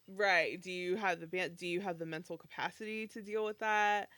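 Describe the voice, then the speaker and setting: Woman co-host, casual chat, relaxed and thoughtful, dry close mic. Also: fairly low pitch, moderate pace, no room sound. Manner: relaxed, thoughtful, frequent affirming murmurs. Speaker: podcast co-host.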